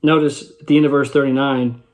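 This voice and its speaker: A man's voice: mid-range voice, flat delivery, fairly quick. A man teaching a Bible study in a conversational way, explaining a passage verse by verse and checking in with his listeners.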